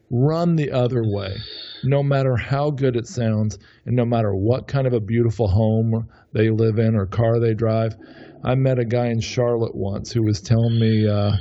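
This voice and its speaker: A man's voice: medium pitch, warm tone, muffled recording. A man talking casually as a podcast guest, rambling and often correcting himself mid-sentence. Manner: rambling, frequent self-corrections. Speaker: podcast guest, real estate investor. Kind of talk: casual interview talk.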